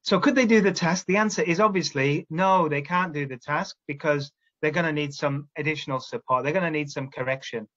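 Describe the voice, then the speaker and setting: A man's voice: fairly high pitch, brisk, hardly any pauses, a bit bright, lo-fi sound. A man training teachers, explaining classroom steps and checking in often with "all right?". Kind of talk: instructional talk to teachers.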